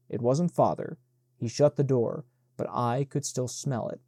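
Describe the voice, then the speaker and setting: A man narrating an audiobook in an even, measured reading. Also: medium pitch, vocal fry, no room sound, clean studio sound.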